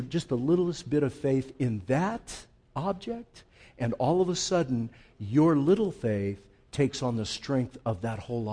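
A man preaching a conversational sermon, calling listeners folks and swinging from quiet intensity to loud emphasis. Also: medium pitch, slightly rough. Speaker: pastor.

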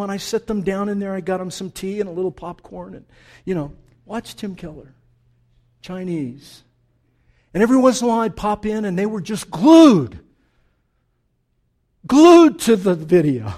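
An older male pastor preaching a sermon, telling a story with animated energy that settles into soft, prayerful speech. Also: high-pitched.

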